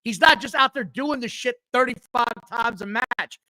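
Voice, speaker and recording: Bright high-pitched man ranting profanely. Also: normal speed, no echo, rough recording. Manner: profane, blunt, animated storytelling. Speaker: podcast co-host. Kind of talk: casual wrestling chat.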